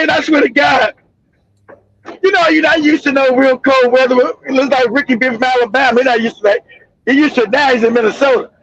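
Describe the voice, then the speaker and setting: High-pitched guy cracking up and cussing, aave, kinda dull lo-fi sound. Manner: loud, laughing, swearing storyteller. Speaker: livestream host. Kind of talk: casual profane commentary.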